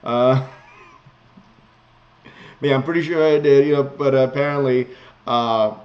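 A sarcastic man riffs bluntly through a batch of news items, chuckling at his own jokes. His voice sits at an ordinary middle pitch. The home recording sounds a little dull and muffled. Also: steady tone, slow pace. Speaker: vlogger reading news. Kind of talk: casual news commentary.

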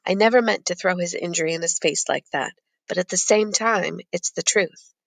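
A woman with a lowish voice reads a first-person novel aloud in a measured, plain manner. The recording is dry and close, with no room sound. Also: gravelly, no echo. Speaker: audiobook narrator.

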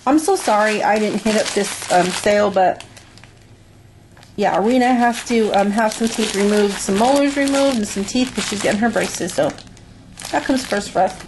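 A woman's voice: medium pitch, background noise. A woman casually reviewing a haul of beauty products, gushing and dreamy as she smells each one and lingers over her words.

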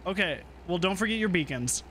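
Laid-back streamer man, higher voice. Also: animated, a little fast, background noise. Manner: laid-back, swears casually, thinks aloud. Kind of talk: casual gameplay chat.

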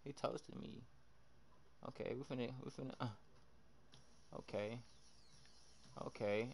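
A man's voice: mid-range voice, unhurried, creaky, long pauses. A young man streaming a basketball video game live, chatting to viewers and trash-talking his opponents as he reacts to each play. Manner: animated trash talk, reacting loudly to plays. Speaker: livestreamer. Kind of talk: live gameplay commentary.

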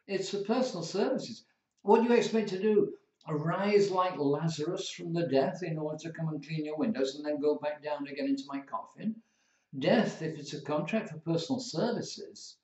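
A man, teaching law as a tutor, telling playful stories and acting out examples. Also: a little high. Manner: playful, animated storytelling with acted examples. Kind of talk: recorded lecture. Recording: roomy, dull lo-fi lecture recording.

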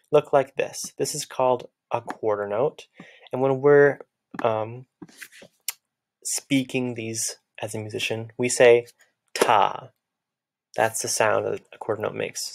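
A man's voice: mid-range voice, vocal fry. A man teaching a children's music lesson, patiently clapping out words and chanting their syllables.

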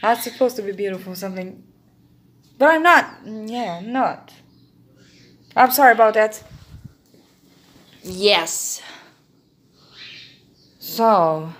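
A woman's voice: mid-range voice, lively intonation, slow pace, pauses often, fairly bright tone. A young woman with a Brazilian accent, a native Portuguese speaker, vlogging casually and coaxing her pets with affectionate baby talk.

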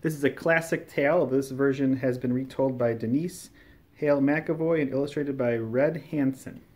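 A man reading a classic children's story aloud, telling it in a warm, expressive storytelling manner. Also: mid-range voice, moderate pace. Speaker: storybook reader.

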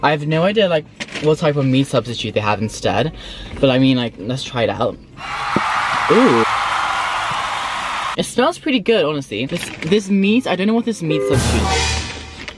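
A man, rambling excitedly and swearing freely as he reviews fast food from his car. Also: on the high side, loud music behind the voice. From Sweden. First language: Swedish. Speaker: food vlogger. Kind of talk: casual food review vlog. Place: in a car while driving.

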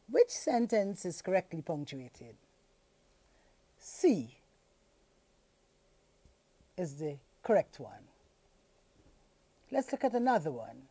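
Woman teacher from Guyana, deliberate scripted lesson reading, mellow low voice, dry close sound. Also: breathy edge, no echo. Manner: slow, deliberate reading with lively dictation-style emphasis.

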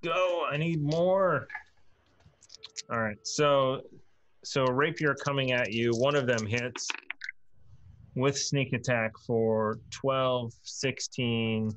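A man running a tabletop role-playing game as dungeon master, briskly calling out rolls and turns. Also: medium pitch, fairly even intonation, fairly bright tone, a little hiss or hum.

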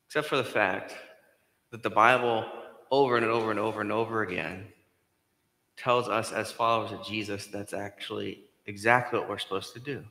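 A man preaches a sermon in a chatty, direct way. His voice is bright and forceful, moving between loud emphasis and quiet, hushed lines. It rings with a long echo through a church hall. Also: fairly low pitch, moderate pace, long pauses. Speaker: pastor. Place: church sanctuary.

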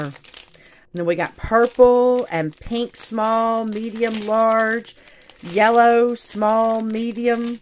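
A woman chatting excitedly to viewers while unboxing craft kits, calling them y'all. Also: lowish voice. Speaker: craft channel host. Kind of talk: casual unboxing chat. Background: crinkling bags.

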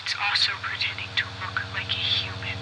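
A man's voice: brisk, noisy background, natural voice. An actor voicing a wary male survivor who speaks over a radio in a game, urgent and warning.

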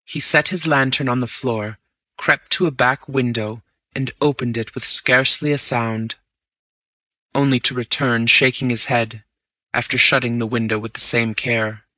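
A man narrating a story in the first person, reading in a steady, measured way. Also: mid-range voice, no room sound. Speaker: audiobook narrator.

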